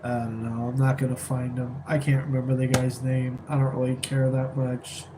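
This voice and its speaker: A man's voice: mid-range voice, monotone, moderate pace, noisy background. A man casually chatting on a live stream, rambling and laid-back while answering viewers from a rented apartment, keeping his voice down.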